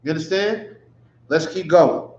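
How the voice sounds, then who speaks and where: High-voiced man teaching with sarcastic mockery. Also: a little slow, a little mellow. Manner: sarcastic, mocking, with rhetorical questions. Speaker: Bible study teacher. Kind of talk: street-style Bible teaching. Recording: echoey room, dull lo-fi sound.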